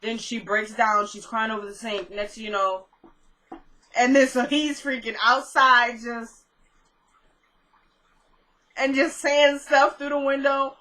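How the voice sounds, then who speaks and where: A young woman chatting through a casual recap of a TV episode, retelling scenes in an animated way with lots of fillers. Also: fairly high pitch, slow pace, long pauses, low-quality recording. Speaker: TV episode reviewer.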